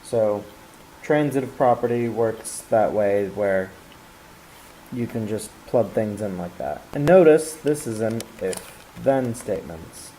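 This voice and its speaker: Here the same warm, mellow-voiced math teacher sounds lowish and animated, moving slowly through his geometry lesson one step at a time while stumbling into fillers and restarts. Poor audio quality leaves a faint hiss beneath his voice.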